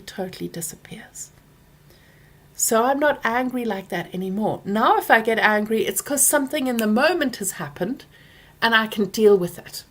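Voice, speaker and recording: A middle-aged woman hosting a workshop Q&A, speaking softly and gently and sometimes dropping to a whisper. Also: a little high. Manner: soft and gentle, drifting into whispers; acts out anger with loud groaning sounds. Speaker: workshop host answering questions. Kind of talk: Q&A talk to an audience.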